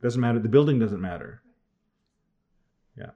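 A man's voice: mid-range voice, animated, moderate pace, dull audio. A man teaching a class on church doctrine in a conversational way, thinking aloud and often restarting his sentences.

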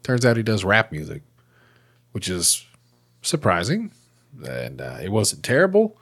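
A man's voice: lowish voice, wildly swooping pitch, unhurried, fairly bright tone, breathy edge. A man hosting a podcast in a casual monologue, joking and swearing freely. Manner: profane and joking. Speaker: podcast host.

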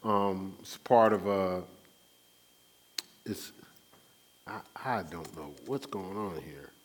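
A man's voice: deep voice, lively intonation, takes it slowly, husky. A man preaching a sermon at his church, teaching in a loose conversational way and often asking the congregation to fill in the words. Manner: conversational preaching with call-and-response questions. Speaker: pastor.

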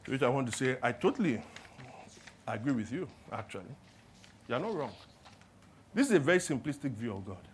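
A man preaching a sermon, asking the congregation to fill in his words and swinging from hushed to loud. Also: mid-range voice, very animated, brisk, long pauses, slight background noise. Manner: call-and-response questions, swings from hushed to loud. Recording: clear music playing behind the voice.

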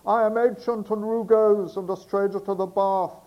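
A man shouting in a blustering voice as a rough, boastful old sailor in a comic poem he reads aloud. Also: high voice, fairly even intonation, normal speed, highs cut off, voice pushed up, close to an everyday voice.

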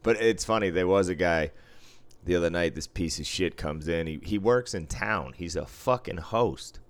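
Deep-voiced blunt, profane man. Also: moderate pace. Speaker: casino dealer. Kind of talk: casual chat.

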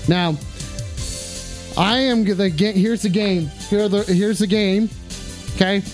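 A high-pitched male host riffing on chat and callers in a loose, profane, jokey way. Faint music plays behind him. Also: measured pace. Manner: excitable, crude, swears a lot, jokey. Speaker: host of a call-in stream show. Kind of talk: casual profane streaming chat.

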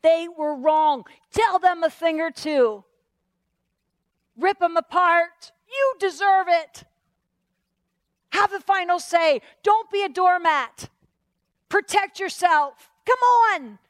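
A woman's voice: extremely high pitch, takes it slowly, long pauses, dry recording, studio quality, pitched above the performer's own voice. A woman preacher voicing a sly tempting enemy spirit that coaxes and goads her listeners. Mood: goading. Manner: coaxing, wheedling.

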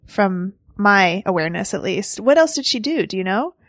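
A woman's voice: mid-range voice, lively intonation, moderate pace, a bit bright, no room sound, clean studio sound. A woman in her thirties, co-hosting a casual movie podcast, who chats freely, laughs often and trails off mid-thought. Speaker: podcast co-host.

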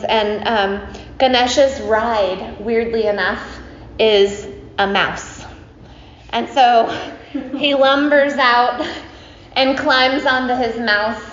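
A woman's voice: on the high side, fairly even intonation, slow. A woman teacher telling a story to a group in a chatty, playful way, with many fillers and asides to her listeners. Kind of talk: casual spoken storytelling. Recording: roomy, slightly dull recording with faint hiss.

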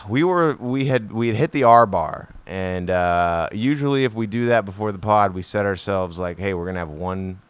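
An American man co-hosts a podcast with a lowish, clear, resonant voice at a moderate pace, recorded without echo. His casual chat is loose and joking, he swears freely, and at times he half-raps.

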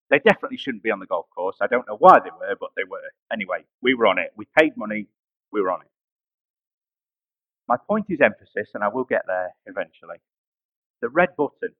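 A man's voice: medium pitch, dry recording, phone-quality sound. A man preaching a sermon, telling a personal story and building to emphatic rises.

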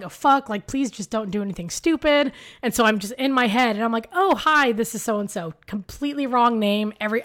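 A woman co-hosting a podcast, telling a story in casual chat, animated and swearing freely with lots of fillers. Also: on the high side. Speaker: podcast co-host.

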